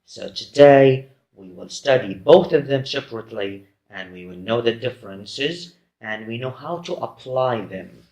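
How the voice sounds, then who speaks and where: A male lecturer talks slowly through a recorded lesson, pausing often with fillers and restarting his sentences. His voice sits at a middle pitch and rings in a roomy, echoey space. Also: animated, a little mellow. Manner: hesitant, many fillers and restarts. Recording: roomy echo.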